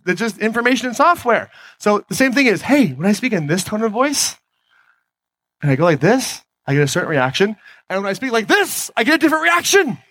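An energetic man in a fairly high register delivers a motivational talk from a stage, often turning to his audience with questions. His voice comes through dry and close, with little room sound. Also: no echo. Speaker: podcast host giving a talk on stage. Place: stage before a live audience.

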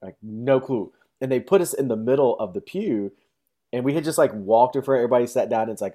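Young guy telling a story, rambly, filler words everywhere, average pitch. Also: lively intonation, fast, dark tone. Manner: acts out quotes in high, exaggerated voices. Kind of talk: casual storytelling.

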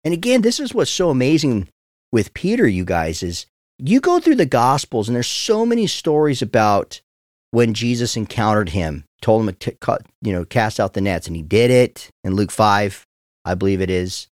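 A man's voice: fairly low pitch, sing-song, normal speed, no room sound, clean studio sound. A man in his forties, a pastor teaching the Bible on a podcast in an earnest, heartfelt way, often speaking straight to his listeners.

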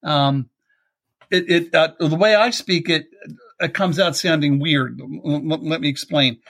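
A man's voice: fairly high pitch, unhurried, fairly bright tone. A middle-aged man with a Baltimore accent hosts a podcast in a chatty, rambling way, amused by his own stories. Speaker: podcast host. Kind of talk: casual chat.

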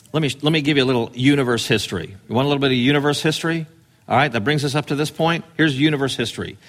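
A man delivering a sermon with a voice that sits a touch high. He talks in a conversational way, then rises and presses hard on the phrases he wants to land. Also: a bit bright. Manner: conversational, emphatic preaching with rising stress on key phrases. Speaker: pastor.

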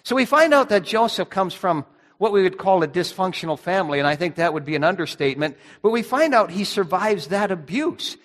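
A man's voice: high-pitched, a bit bright, in a large hall. A young adult man preaching a sermon in a church, emphatic, asking the congregation rhetorical questions. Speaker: pastor.

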